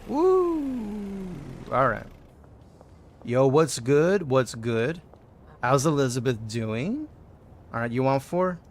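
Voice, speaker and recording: A man streaming a game, chatting playfully with the characters in casual commentary and breaking into loud bursts of excitement. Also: mid-range voice, takes it slowly, pauses often, slight background noise.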